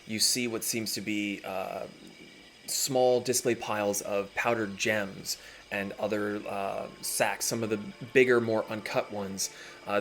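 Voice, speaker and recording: A man's voice: lowish voice, slight background noise. A man narrating a tabletop game as dungeon master, describing scenes at an easy pace with many fillers.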